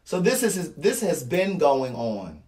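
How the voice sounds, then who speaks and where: A man's voice: a little high, very animated, slow, darkish tone, distant mic, a little hiss or hum. A man in his thirties with a Baltimore accent, giving a blunt, slangy commentary monologue, repeating points for emphasis. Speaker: vlogger.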